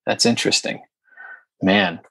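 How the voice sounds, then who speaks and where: A man's voice: unhurried, fairly bright tone, dry recording. A man co-hosting a podcast in casual chat, talking emphatically and heatedly, with lots of ums and restarts. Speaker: podcast co-host.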